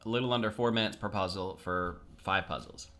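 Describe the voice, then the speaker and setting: Male, low-ish register; relaxed self-talk, casual video host. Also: a little fast. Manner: chatty, self-talking, plain everyday tone. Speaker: chess video creator. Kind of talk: casual thinking aloud while solving puzzles.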